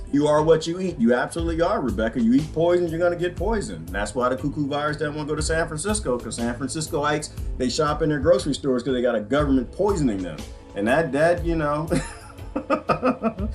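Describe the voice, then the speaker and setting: A man hosting a rambling livestream monologue, animated and joking, laughing often. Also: medium pitch.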